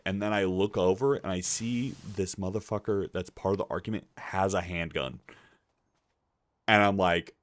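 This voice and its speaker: Rambling, low-voiced male streamer. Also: measured pace, a bit bright. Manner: rambling, lots of fillers and restarts, swears freely. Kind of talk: casual chat and storytelling on a live stream.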